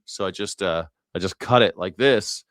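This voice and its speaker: A man's voice: low-pitched, normal speed, fairly bright tone, no echo, studio quality. A man hosting a news reaction show, talking in a casual, profane and sarcastic rant. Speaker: host.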